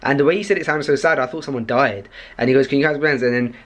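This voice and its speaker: A young man, talking to camera in a rambling, excitable vlog style, full of fillers and restarts. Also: medium pitch, quick pace. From Pakistani heritage. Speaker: vlogger and podcast host.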